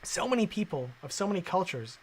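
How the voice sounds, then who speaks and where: A man's voice: high-pitched, very animated, quick pace, a little hiss or hum. A man, chatting casually on a stream, laid-back and swearing often.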